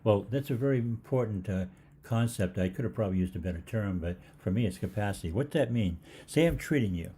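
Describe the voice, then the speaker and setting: Older man with a deep, warm voice. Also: expressive, brisk, slight background noise. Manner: rambling anecdotal, many fillers and restarts. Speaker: holistic health host. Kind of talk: live Q&A storytelling.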